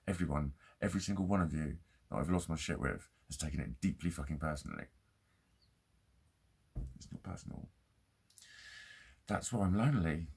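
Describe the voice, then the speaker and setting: Male vlogger, gravelly and husky, candid, profane rant. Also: low voice, a little mellow. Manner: heavy swearing, ranting, candid. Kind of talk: confessional monologue.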